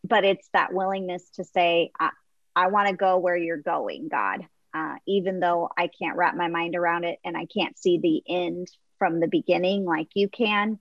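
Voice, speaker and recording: A woman guest on a faith interview, telling an illustration with lively voices for the crowd. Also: on the low side, moderate pace, dry recording, lo-fi sound. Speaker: guest author.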